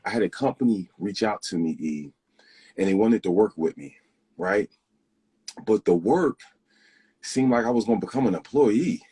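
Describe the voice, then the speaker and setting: Husky-voiced man telling a story. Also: on the low side, animated, normal speed, pauses often, warm tone. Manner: earnest, tells stories with many restarts. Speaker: guest. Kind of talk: casual storytelling chat.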